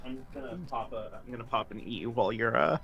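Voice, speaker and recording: Brief: guest gaming co-commentator, average pitch, deadpan teasing banter, faint music underneath. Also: fast talker, vocal fry, lo-fi sound. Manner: dry, teasing quips.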